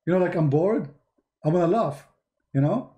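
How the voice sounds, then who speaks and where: A man from the Middle East speaks English with an Arabic accent and a somewhat high, mellow voice. He hosts a livestream and tells stories in a mocking, animated way. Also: normal speed. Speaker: host. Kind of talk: livestream commentary.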